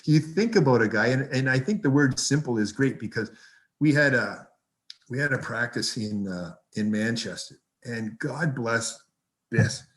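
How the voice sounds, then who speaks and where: A man, a hockey coach, telling lively anecdotes as a podcast guest and swearing freely. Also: medium pitch, normal speed. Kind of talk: casual storytelling.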